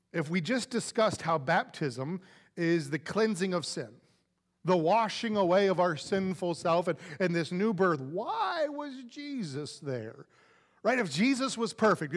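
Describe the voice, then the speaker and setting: A male pastor preaching a sermon in a conversational, animated way, acting out quoted lines. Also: high-pitched.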